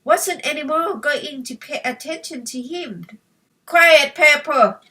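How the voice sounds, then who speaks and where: A woman slowly reading a children's story aloud for English learners, in a careful, clear way. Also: high-pitched, bright, forceful tone, distant mic, rough recording. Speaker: storybook reader.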